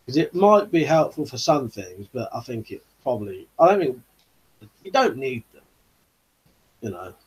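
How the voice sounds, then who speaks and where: A man's voice: mid-range voice, sing-song, normal speed, pauses often, breathy edge, low-quality recording. A man hosting a casual live-stream chat, rambling easygoing with lots of 'you know' fillers. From United Kingdom. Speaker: YouTube channel host.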